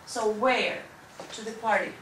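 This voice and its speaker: A woman's voice: a little high, measured pace, fairly bright tone. Woman teacher in an echoey classroom. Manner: patient, explains step by step with frequent "right?". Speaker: English teacher. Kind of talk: classroom grammar lesson. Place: school classroom. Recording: echoey classroom from far off with background noise.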